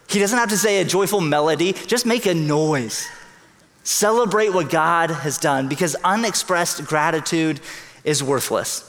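A man preaching a sermon as pastor, earnest and emphatic, speeding up in bursts and slowing on key lines. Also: fairly high pitch, a bit bright. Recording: long hall reverb.

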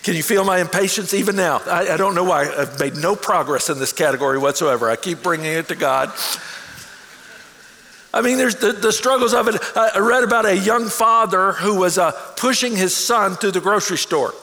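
A man preaching with a high, bright and forceful voice. He is energetic and often trips over his words and restarts them. His voice rings through a large hall with a long reverb. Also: a little fast. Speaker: pastor. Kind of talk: sermon. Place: large church auditorium.

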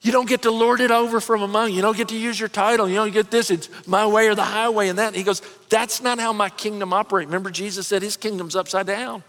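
A man's voice: high voice, fairly even intonation, fast talker, hardly any pauses, fairly bright tone. A middle-aged man preaching a conversational sermon as pastor, earnest and folksy, often restarting his sentences. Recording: long reverb of a large hall.

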